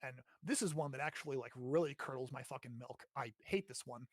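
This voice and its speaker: A man's voice: mid-range voice, fairly quick, no echo, studio quality. An American man hosting a casual grammar lesson, explaining in a chatty way, often checking with "right?" and swearing now and then. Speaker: host teaching grammar.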